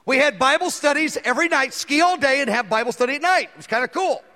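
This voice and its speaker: A man's voice: very high voice, animated, fast talker, pushed and bright. A man preaching a sermon, telling a story and acting out the dialogue in it with animation. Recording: long hall reverb.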